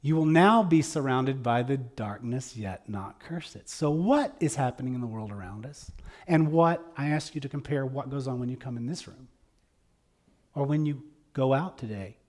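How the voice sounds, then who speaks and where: A man preaching in a folksy, conversational way. He is earnest and pushes hard on key points, then drops to quiet asides. His voice sits at a middling pitch. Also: animated, moderate pace. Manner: earnest, folksy, shifts between loud emphasis and soft asides. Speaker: speaker at a church service. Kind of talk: conversational sermon.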